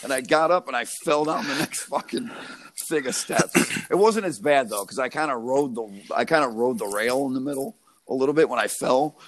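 A man's voice: mid-range voice, brisk. Rambling, profane American guy. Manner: rambling, profane, laughs through his stories. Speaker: podcast co-host. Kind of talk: casual storytelling chat.

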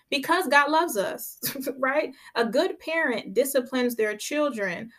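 Picture a woman with a voice pitched a little high, teaching from the Bible on her podcast in an easy, conversational way. She presses each point firmly, comes back to the same phrases, and often checks in with "right?". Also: a bit bright. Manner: emphatic, keeps checking in with "right?"; drives points home by repeating phrases.

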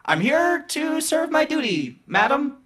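A man voicing an eager, naive robot kitchen helper, in a high, stiff and formal way. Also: sing-song, a little slow, a bit bright, full character voice.

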